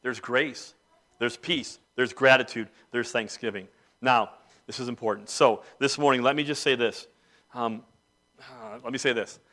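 A pastor preaching a sermon, moving between quiet reflection and emphatic, rising declarations. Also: male voice, mid-range voice, steady tone, measured pace. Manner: emphatic preaching, swinging between soft and loud.

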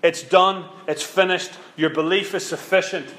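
A man's voice: high voice, steady tone, moderate pace, fairly bright tone. A man preaching a sermon with an impassioned, repetitive cadence. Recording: echoey room.

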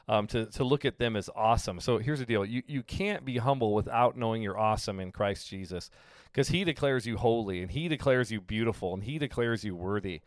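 Pastor, male, low smooth voice, dry close mic, chatty teaching sermon. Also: fairly quick, no echo. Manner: conversational, with frequent fillers and acted-out quotes.

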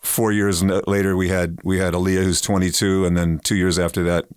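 An American man in his fifties with a very low, deep voice tells stories at an easy, unhurried pace and says "man" and "you know" often. The sound is dry and close, with no room behind him. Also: little pitch movement, clean tone, no room sound. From United States. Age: 50s. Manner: laid-back storytelling with frequent "man" and "you know". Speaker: guest. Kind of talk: casual interview chat.

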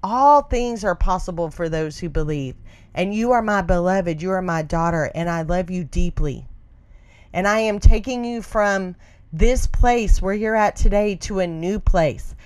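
A middle-aged woman offers heartfelt devotional encouragement in a voice of ordinary pitch. She speaks earnestly, circles back on her phrases and checks in with her listeners as she goes. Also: normal speed, smooth. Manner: earnest, repeats phrases, often trails into "right?".

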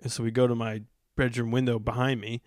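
A man's voice: mid-range voice, little pitch movement, fast talker, a little mellow, no room sound, studio quality. A man hosting a podcast, telling a story in a laid-back, rambling way. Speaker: podcast host. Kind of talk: casual storytelling chat.

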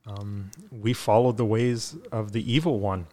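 Low, flat-voiced earnest man. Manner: earnest, halting with fillers. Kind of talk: podcast conversation and prayer.

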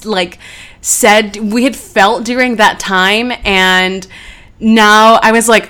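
A woman's voice: medium pitch, moderate pace, fairly bright tone. A woman in her twenties hosting a casual solo podcast, talking in a bubbly, gushing way. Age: 20s. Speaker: podcast host.

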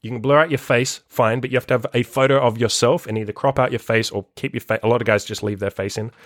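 A man's voice: medium pitch, fairly even intonation, quick pace, dry recording, studio quality. A man hosting a solo motivational podcast as a life coach, talking bluntly and emphatically and swearing freely.

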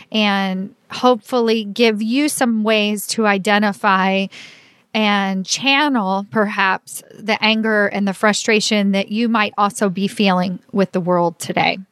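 A woman's voice: mid-range voice, fairly bright tone, clean tone, dry recording, clean studio sound. A middle-aged woman, a leadership coach talking through a solo podcast episode in an earnest, chatty way, full of "like" and "right?". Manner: conversational, fillers like "like" and "right?".

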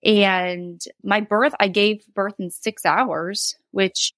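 A woman's voice: medium pitch, steady tone, slow, a bit bright, no echo. A woman in her thirties, a guest telling a personal story in a candid, rambling way, with laughs and quoted asides. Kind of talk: casual interview storytelling.

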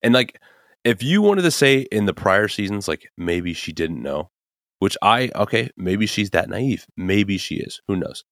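A man's voice: lowish voice, big pitch swings, measured pace, fairly bright tone, dry recording, studio quality. A young man hosting a podcast, ranting casually about a TV show with lots of fillers and tag questions. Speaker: podcast host. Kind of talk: casual opinion monologue.

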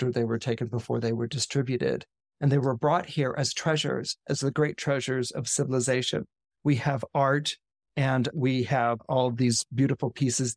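A man voicing an ancient, serene male high lama who speaks slowly and gravely in a story retelling. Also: no echo, clean studio sound, close to an everyday voice.

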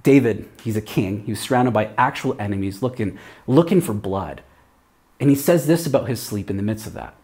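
A man's voice: on the low side, expressive, brisk, a little mellow. A man giving a casual video sermon as a preacher, talking conversationally with many rhetorical questions and playful asides.

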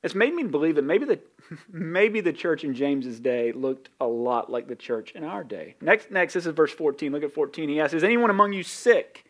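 This is a man with a Southern accent giving a sermon from the pulpit. His voice sits a little high for a man. He keeps it conversational and pokes fun at himself as he teaches. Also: lively intonation, a bit bright. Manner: conversational, self-deprecating, with quick acted asides. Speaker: pastor.

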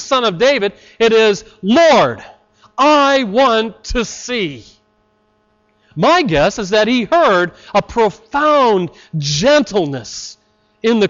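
A man preaching a sermon, slow and deliberate, with dramatic pauses. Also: high voice, a bit bright. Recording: slightly dull lo-fi recording.

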